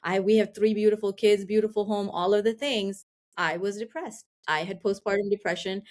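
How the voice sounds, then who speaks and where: A woman's voice: medium pitch, moderate pace, darkish tone, slight background noise. A middle-aged woman, a podcast guest, talking candidly and reflectively in a casual interview, often saying "like". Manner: candid, reflective, fillers of "like", acts out her own past thoughts.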